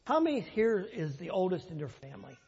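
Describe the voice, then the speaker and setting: An older man presenting at a church workshop, halting and full of ums, recorded in a church hall. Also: sits high, very animated, a little mellow, muffled recording.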